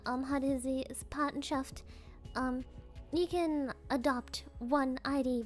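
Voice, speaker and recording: A woman streamer chatting casually and playfully, stumbling through tongue twisters with giggles and dropping Japanese fillers into her English. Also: high-pitched.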